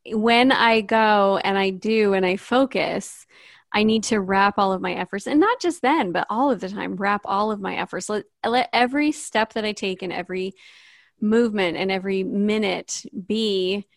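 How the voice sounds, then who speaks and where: A woman hosting a podcast, speaking in an earnest, measured way as she reflects and thanks her guest and listeners. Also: mid-range voice, no room sound, clean studio sound. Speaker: podcast host. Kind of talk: casual podcast conversation.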